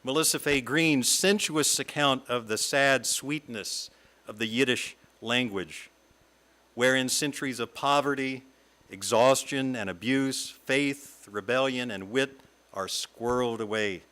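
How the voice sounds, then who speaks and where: A middle-aged man from the American South, a guest speaker giving a reflective talk read from a script in a lyrical, measured way. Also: mid-range voice, pushed and bright. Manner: lyrical, measured reading with long lists. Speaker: guest speaker at a fellowship service.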